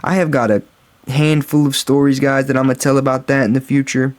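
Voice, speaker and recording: A man's voice: medium pitch, little pitch movement, brisk. A man telling a casual storytime vlog story, rambling and swearing freely and calling his viewers guys and bro. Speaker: storytime vlogger.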